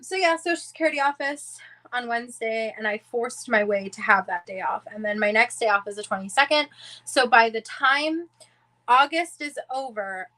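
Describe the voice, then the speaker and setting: A woman's voice: on the high side, sharp tone, low-quality recording. A woman in her twenties chatting casually on a livestream, rambling and restarting her sentences as she talks. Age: 20s. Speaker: diamond painting livestream host.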